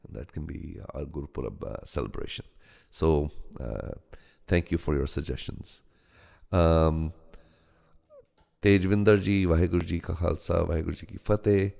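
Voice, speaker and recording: Low-voiced man with American-Indian accent. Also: creaky, in a large hall. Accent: American-Indian mix. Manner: halting, frequent ums and restarts, greets each viewer warmly by name. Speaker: host of a live meditation stream. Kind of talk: live-stream greetings to viewers. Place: home studio.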